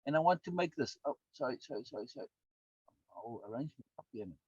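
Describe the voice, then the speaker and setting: A man leading a course in a conversational teaching style, rambling and repeating words, with his pitch swinging up and down. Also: expressive, fast, darkish tone, husky, no room sound. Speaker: course instructor. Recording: dull lo-fi dry recording.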